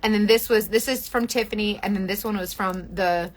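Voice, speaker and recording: A young woman, chatting casually through a live-stream makeup tutorial, gushing over products and quickly apologizing for her own bluntness. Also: mid-range voice, fairly even intonation. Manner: chatty, gushing, quick self-deprecating asides.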